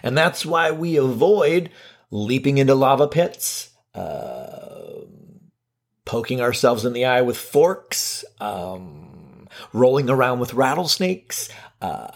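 Husky guy vlogging self-help stuff, jokey and self-deprecating, swears a bit, voice jumps up high a lot. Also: slow. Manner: animated and self-mocking, with big playful swings in pitch; casual, with light swearing. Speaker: video host. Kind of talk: casual self-help talk to camera.

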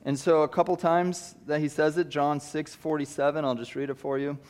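Man, thirties, pastor, sermon, animated preaching, acts out quotes. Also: a little high, brisk.

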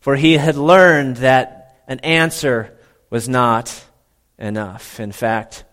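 A male pastor preaching a sermon, telling the story dramatically with big swings between loud and hushed. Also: mid-range voice, slow.

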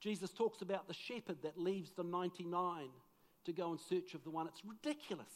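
A man's voice: high-pitched, brisk. A middle-aged man, preaching a sermon and telling a personal story, acting out the dialogue as he goes. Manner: animated, acts out dialogue in the story. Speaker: pastor.

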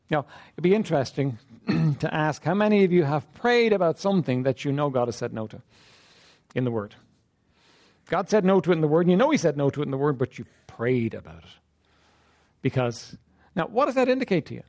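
Animated high-pitched male preacher. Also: brisk, pauses often. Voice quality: frequent throat clearing. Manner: conversational preaching with frequent "right?" and "you know what?". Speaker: pastor. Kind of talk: sermon.

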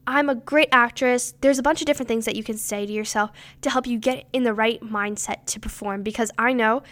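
A woman's voice: on the high side, fairly even intonation, fast. A teenage girl giving upbeat, instructive pageant advice in a scripted talk, stressing her dos and don'ts. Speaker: pageant contestant giving tips.

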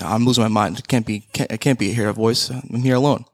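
A man's voice: medium pitch, fast, no room sound, clean studio sound. A young man in casual podcast chat, telling a joke and acting out the characters' lines. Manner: acts out dialogue, stumbles over the punchline.

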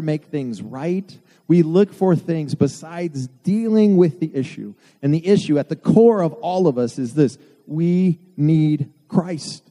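A man's voice: a little high, mellow. A man preaching a sermon to his church, earnest with self-deprecating asides. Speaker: pastor. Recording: long hall reverb.

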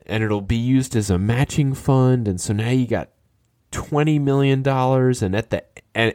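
A man casually telling an anecdote, animated and skeptical, quickly quoting the other people in it. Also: fairly low pitch, no echo, studio quality. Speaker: storyteller. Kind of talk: casual storytelling.

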